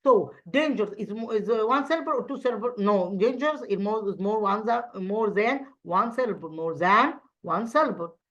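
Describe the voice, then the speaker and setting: A woman's voice: mid-range voice, moderate pace, hardly any pauses, a bit bright, dull audio. A woman English teacher with an Egyptian accent, whose first language is Arabic, explaining grammar in a recorded online lesson with many fillers and restarts.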